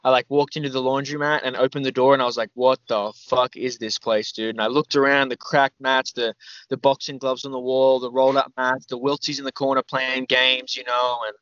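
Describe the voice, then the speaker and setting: A young Australian man telling a long story as a podcast guest, rambling and animated, full of fillers and the odd swear word. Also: mid-range voice, fairly quick, no echo, muffled recording. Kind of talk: casual storytelling interview.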